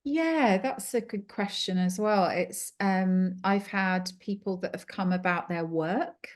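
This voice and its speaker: A woman being interviewed as a clairvoyant guest over a video call, talking in a chatty, animated storytelling way. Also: mid-range voice, slow pace. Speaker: clairvoyant and angel card reader guest.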